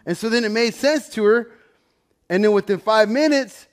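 A man's voice: high-pitched, normal speed. A man leading a Bible study, telling stories in a casual, conversational sermon style and often checking in with "right?". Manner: conversational, keeps asking "right?"; animated, swings loud and soft.

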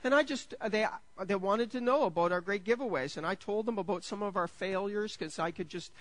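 A man preaching a sermon in a bright, high register, dry and close with hardly any room sound. He jokes at his own expense, trips over restarts, and climbs into excited bursts of enthusiasm. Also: fairly quick, no echo, rough recording. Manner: jokey, enthusiastic preaching that builds to excited peaks; self-deprecating, with stammered restarts. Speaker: pastor.

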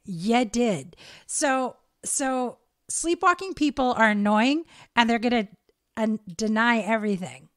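Animated storytelling woman, dry close sound. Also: fairly high pitch, unhurried, dry recording. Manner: animated storyteller acting out quotes. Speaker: podcast co-host. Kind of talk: casual chat.

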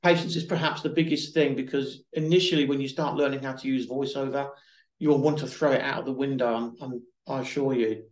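A man's voice: mid-range voice, steady tone, fairly quick. A man presenting a webinar, patiently explaining and demonstrating phone accessibility features, now and then restarting a phrase. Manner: patient, explanatory, repeats himself at times. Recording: echoey room.

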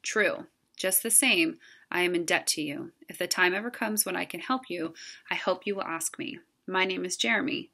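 A woman's voice: lowish voice, moderate pace, pushed and bright. A woman voicing a young, frightened male crow in a storybook reading, sounding anxious and a little sheepish. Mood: grateful.

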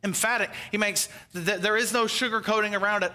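A male pastor preaching a sermon, animated, acting out the Bible's dialogue and now and then dropping to a near-whisper. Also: high-pitched, a little slow, pauses often.

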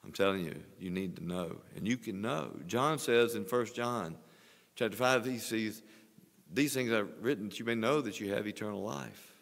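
A man's voice: on the low side, normal speed, vocal fry. Pastor in his sixties preaching. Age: 60s. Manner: earnest preaching, swelling louder on exhortations. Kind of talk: sermon. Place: church sanctuary. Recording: long church reverb.

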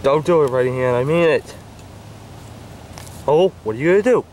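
A man acting out a homemade hand-puppet skit, squabbling and whining with bursts of shouting. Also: on the high side, normal speed, slight background noise.

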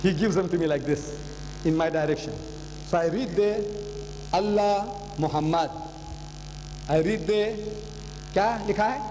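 A man's voice: high-pitched, normal speed, pauses often, noisy background. Older man lecturing in an echoing hall. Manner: dramatic, repeats phrases for emphasis. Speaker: public lecturer. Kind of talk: lecture storytelling to a live audience.

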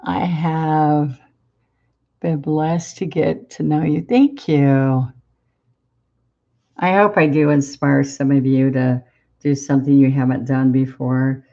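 A woman chatting warmly with viewers while she demonstrates painting in a live-streamed lesson. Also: a bass voice, steady tone, slow, pauses often, dull audio. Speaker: painting instructor.

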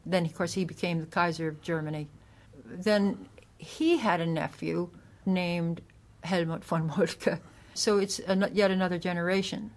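A woman's voice: on the low side, steady tone, measured pace, hardly any pauses. A woman author, a guest in an interview, explaining family history at length with small restarts. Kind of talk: casual interview.

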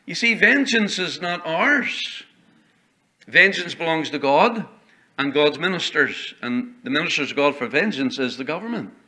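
A man's voice: on the high side, expressive, a little slow, bright, forceful tone. A man preaching a sermon as pastor in a church, emphatic and quoting old-style scripture. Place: church sanctuary.

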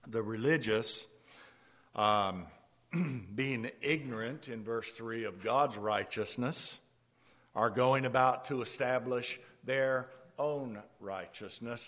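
A man preaching a sermon with a halting delivery, repeating words as he goes and laughing softly between points. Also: medium pitch. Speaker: pastor. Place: church sanctuary. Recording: long church-hall reverb.

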